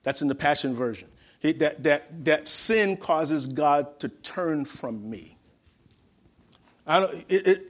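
A male pastor preaching a sermon to a congregation, often repeating phrases and asking them questions. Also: on the high side.

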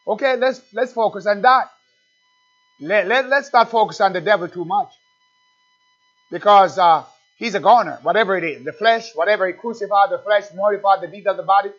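A man's voice: high-pitched, a bit bright. A man preaching a sermon in a conversational way, often repeating words and asking his listeners questions. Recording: dull lo-fi recording with faint music.

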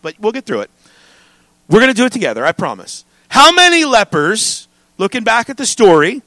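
A man preaching a sermon as pastor, reading scripture and joking with his congregation in an animated way. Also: high voice, no echo.

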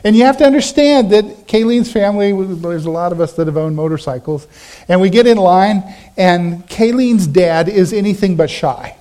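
Middle-aged guy preaching, high voice, tells stories and does everybody's lines. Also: moderate pace. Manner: animated storytelling, acting out quoted voices. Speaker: pastor. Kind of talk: sermon with personal story.

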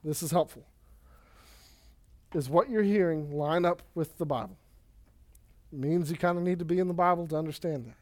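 A man preaching a sermon in a casual, energetic way, with quick asides and Bible readings. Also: a little high. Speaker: pastor.

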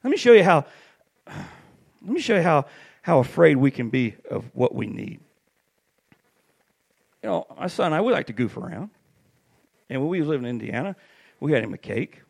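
A middle-aged man preaching a sermon, telling stories with animated swings up to shouted peaks. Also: medium pitch, normal speed, gravelly, pauses often, slightly rough.

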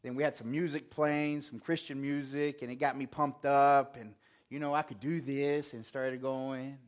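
A man's voice: mid-range voice, flat delivery, normal speed. A man preaching a casual, conversational sermon, telling a self-deprecating story with quoted asides. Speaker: pastor.

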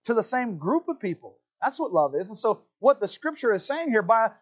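Country-accented male pastor, high voice, animated sermon delivery, slightly muffled recording. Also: a little fast. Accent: Southern US country. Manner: animated preaching, asides to congregation.

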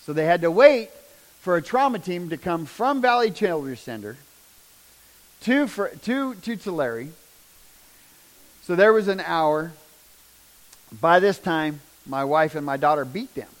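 A middle-aged man tells a deeply emotional personal testimony as a father, in a voice pitched slightly higher than most men's. His delivery is raw and intense, dropping to hushed lows and then rising loud again as he speaks. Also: animated, measured pace, pauses often.

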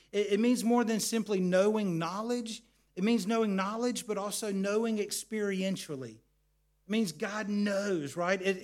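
A middle-aged man preaching earnestly, often repeating words as he explains. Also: high-pitched. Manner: earnest, repeats words, tells family stories. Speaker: pastor. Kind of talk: sermon.

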